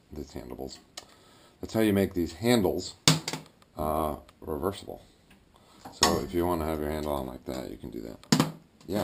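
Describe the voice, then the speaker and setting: A man talking casually as he works on his home boiler, thinking aloud with fillers and throat clearing. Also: deep voice, background noise. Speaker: DIY builder vlogging his project. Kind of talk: casual talk-through while working. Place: garage boiler room, indoors. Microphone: action camera.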